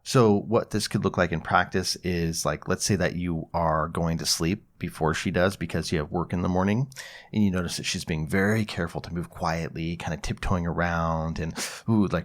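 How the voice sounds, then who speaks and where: A man hosting an advice podcast, calmly explaining and acting out example conversations. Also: low-pitched, moderate pace. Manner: calm, explanatory, acts out example dialogue. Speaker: podcast host, psychologist.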